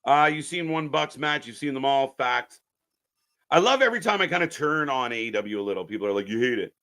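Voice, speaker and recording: A man ranting on a live stream as a wrestling commentator, profane and mocking, swinging between muttering and shouting. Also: mid-range voice, expressive, fairly quick, creaky.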